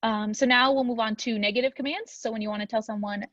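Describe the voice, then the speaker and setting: A woman's voice: fairly high pitch, fairly even intonation, fast talker, fairly bright tone, no room sound, lo-fi sound. A young woman teaching a Spanish grammar lesson in a chatty, upbeat way, with frequent ums.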